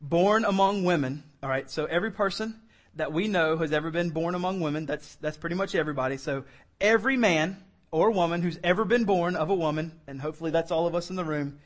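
A high-voiced man preaching a verse-by-verse sermon to a room. He keeps the delivery conversational and drops in joking asides as he teaches. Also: a bit bright. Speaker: pastor. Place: church room.

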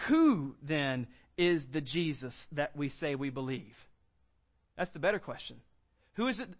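A man's voice: a little high, fairly bright tone. A man preaching a sermon, explaining scripture in an earnest, conversational way with emphatic stresses. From Southern United States. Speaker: pastor.

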